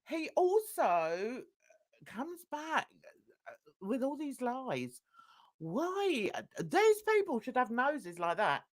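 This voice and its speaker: A woman's voice: on the high side, a bit bright. A middle-aged woman, hosting a live reaction stream with scornful, laughing commentary.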